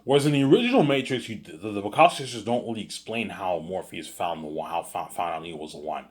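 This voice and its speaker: A man's voice: sits low, animated, quick pace. A man telling a story in a casual, rambling way, stammering and repeating himself as he goes. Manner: rambling, stammering repetitions, constant "you know what I'm saying".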